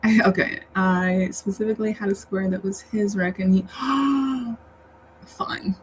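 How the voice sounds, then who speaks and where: Slow-talking, chatty woman streamer. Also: medium pitch, fairly even intonation, rough recording. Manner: chatty, rambling, laughs often. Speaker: livestream host reading chat. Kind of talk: casual livestream chat. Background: faint fan hum.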